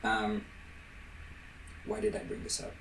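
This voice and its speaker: A man's voice: measured pace, a bit bright, a little hiss or hum. A man hosting a casual podcast, rambling and self-deprecating and often laughing, recorded on a laptop microphone. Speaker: podcast host. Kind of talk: casual chat. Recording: roomy laptop mic from a distance.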